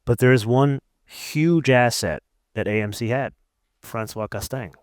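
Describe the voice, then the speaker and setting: A man hosting a podcast interview, joking and chiming in with quick asides. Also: medium pitch, dry recording, studio quality. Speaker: podcast host. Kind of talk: casual interview.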